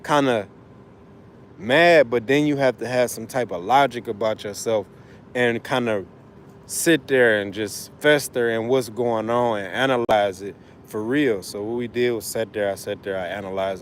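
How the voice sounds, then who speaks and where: A man's voice: medium pitch, normal speed, slight background noise. A man hosting a casual livestream, a father talking loosely and emphatically, with lots of cussing. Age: adult father of school-age kids. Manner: loose, profane, rambling and emphatic. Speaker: livestream host, trucker.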